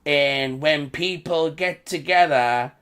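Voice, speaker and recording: A British man speaking slowly in a fairly high voice for a man. He rambles through a casual vlog commentary, repeating phrases and chuckling between remarks. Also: a bit bright, clean tone. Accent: British English. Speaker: vlogger.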